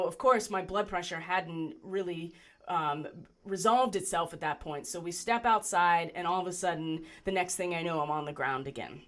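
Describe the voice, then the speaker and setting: A woman telling a personal story in a conversational way, often checking in with "right?" and pausing with fillers. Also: on the low side, fairly bright tone. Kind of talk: personal story told to camera.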